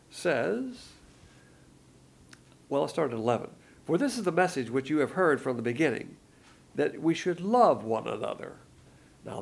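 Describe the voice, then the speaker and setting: Gravelly man teaching a Bible lesson. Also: mid-range voice. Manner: explanatory, shifts emphasis with his voice to illustrate points.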